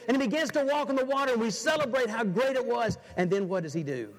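A high-voiced man preaching with a very lively, swinging delivery, dropping to a hush and then rising loud. His voice rings out in a large church hall with a long reverb. He asks the crowd question after question. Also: brisk. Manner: dramatic, swings from hushed to loud, rhetorical questions. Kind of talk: sermon.

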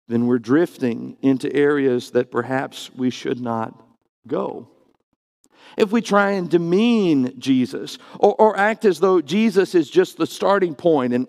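Gravelly preacher in a reverberant church. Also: male voice, a little high, a little mellow. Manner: earnest, emphatic, varies pace for stress. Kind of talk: sermon. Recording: long reverb of a church hall.

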